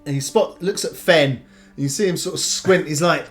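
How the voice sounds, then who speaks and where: A man narrating as game master of a tabletop game in a relaxed, rambling way. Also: a little high, normal speed, faint music behind.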